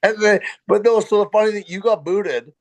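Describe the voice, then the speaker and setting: Guest, male veteran hockey player; fairly high voice, dry close mic, cursing and emphatic. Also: brisk, no echo, rough recording. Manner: profane, stumbling restarts, emphatic. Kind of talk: casual chat.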